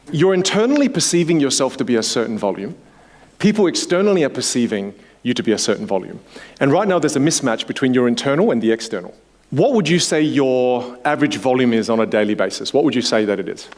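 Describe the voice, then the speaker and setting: A man coaching participants at a workshop, animated and acting out the voices he quotes. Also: mid-range voice. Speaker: communication coach. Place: workshop room.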